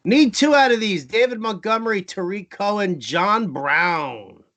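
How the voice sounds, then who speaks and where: A man's voice: high-pitched, expressive, a bit bright. A man co-hosting a live fantasy football show, reading out viewer questions and joking around. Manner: jokey, quick-fire, rattles off player lists. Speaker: co-host.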